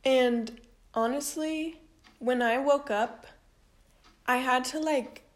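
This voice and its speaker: A woman's voice: high voice, takes it slowly. Rambling young woman telling a story. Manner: rambling, heavy use of "like", frequent swearing. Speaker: vlogger. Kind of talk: casual storytelling.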